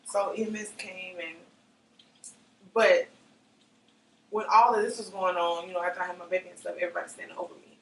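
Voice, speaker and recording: A woman's voice: lowish voice, little pitch movement, fairly quick, long pauses. Woman recounting, roomy distant mic. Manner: emotional, vivid, often acts out what others said. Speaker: interviewee. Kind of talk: personal testimony. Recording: roomy, slightly distant mic with faint noise.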